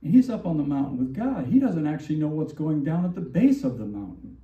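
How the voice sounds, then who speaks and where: A man preaching a sermon as pastor, animated and full of rhetorical questions, acting out the lines he quotes. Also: a little high, fairly quick. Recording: distant, roomy, dull church recording.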